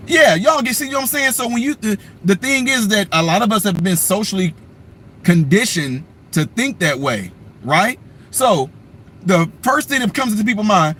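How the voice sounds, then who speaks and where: Animated, mocking man hosting a livestream. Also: high-pitched, normal speed. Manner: mocking, animated, reads viewer comments and taunts trolls. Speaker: political livestream host. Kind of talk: casual livestream commentary.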